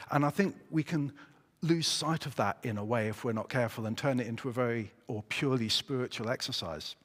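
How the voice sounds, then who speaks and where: A man preaching a sermon in a church, chatty and relaxed with hesitations and a joking touch. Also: mid-range voice. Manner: conversational, hesitant with fillers, joking. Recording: echoey church hall.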